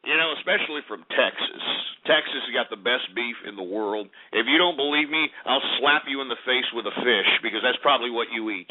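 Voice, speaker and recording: A man hosting a radio show, reading market numbers in a profane, ranting comic style, swinging between loud outbursts and mutters, and he says he has been drinking. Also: medium pitch, brisk, hardly any pauses. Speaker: radio host. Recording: lo-fi phone-like internet radio audio.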